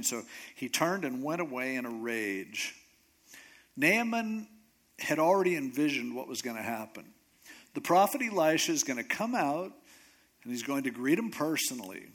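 This medium-pitched pastor, a middle-aged man, tells a Bible story during his sermon with lively, conversational energy. Quick asides let him act out what each character says.

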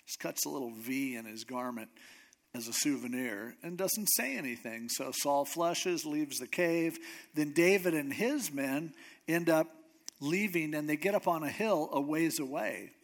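Guy preaching, chatty storyteller vibe, slightly high voice, retelling scripture casually. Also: measured pace. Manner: conversational, animated storytelling. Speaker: pastor. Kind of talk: sermon.

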